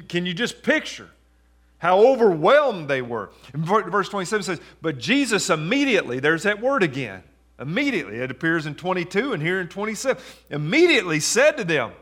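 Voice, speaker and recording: A man's voice: high-pitched, bright, forceful tone. Man preaching a conversational sermon. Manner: conversational preaching, questions to the congregation. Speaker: pastor.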